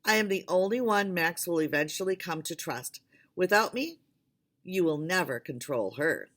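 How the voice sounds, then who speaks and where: A woman reading the lines of a cool, defiant male scientist, with measured, clipped replies. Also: on the low side, animated, a bit bright, full character voice.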